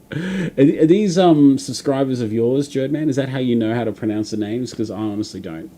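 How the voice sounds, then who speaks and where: Rambling Australian guy, mellow voice. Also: mid-range voice, normal speed, slight background noise. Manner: rambling, many fillers and restarts. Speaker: livestream host. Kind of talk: casual chat reading viewer comments.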